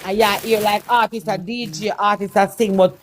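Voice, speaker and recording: A woman's voice: medium pitch, fairly even intonation, moderate pace, slight background noise. A Jamaican woman telling a personal testimony as a guest, in Patois-laced speech, repeating herself and acting out the dialogue in her story. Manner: Patois-laced, repetitive retelling with quoted dialogue. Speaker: guest performer.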